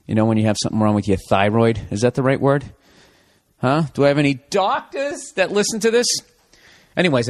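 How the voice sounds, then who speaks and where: Man in his thirties, podcast host, profane and sarcastic, rambling monologue. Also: fairly low pitch. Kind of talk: casual comedic monologue.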